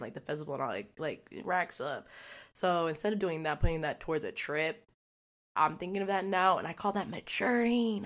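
A woman's voice: sits low, a bit bright. A young woman hosting her own podcast, chatting casually and rambling, with lots of fillers and swearing. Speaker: podcast host. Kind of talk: casual solo podcast chat.

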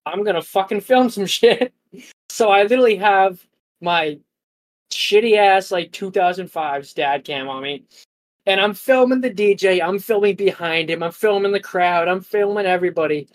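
A young man co-hosting a podcast, telling a story in an animated, slangy way with plenty of swearing. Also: high-pitched, normal speed. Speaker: podcast co-host. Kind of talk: casual chat.

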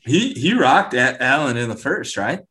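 A man's voice: medium pitch, big pitch swings, moderate pace, pushed and bright, husky. A young man hosting a casual podcast, laid-back and wry. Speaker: podcast host. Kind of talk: casual chat.

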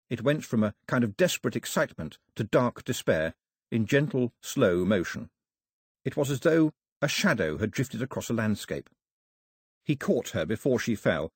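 A man reading an audiobook with expressive storytelling and dry wit, close to the microphone. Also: lowish voice, moderate pace, husky, dry recording. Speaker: audiobook narrator. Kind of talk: scripted narration. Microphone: close studio mic.

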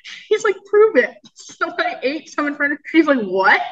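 A woman's voice: high-pitched, brisk, fairly bright tone, dull audio, slight background noise. A young woman co-hosting a casual podcast, teasing and laughing often. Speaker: podcast co-host. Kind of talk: casual chat.

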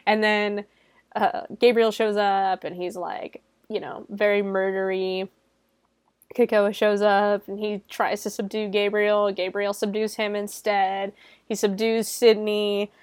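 A young adult woman talks through a movie plot in a loose, irreverent way, peppering it with "like", swear words and laughter. Her voice sits at a middling pitch and sounds dry and close, with no room around it. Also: flat delivery, a little slow, a little mellow, no echo. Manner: chatty and irreverent, swears, laughs often, fills with "like". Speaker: movie reviewer. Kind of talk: casual spoken film recap.

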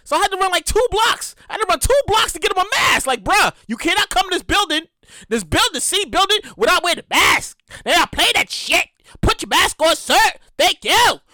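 High-voiced, lively man hosting a podcast. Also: quick pace, no echo. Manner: animated, profane, repeats himself, shouts in acted reactions. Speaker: podcast host. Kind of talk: casual solo podcast monologue.

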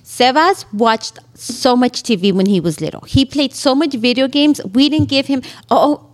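A middle-aged woman with a high voice chats casually as a podcast co-host. She teases her friends, laughs often and slips in Spanish phrases. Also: normal speed. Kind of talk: casual chat.

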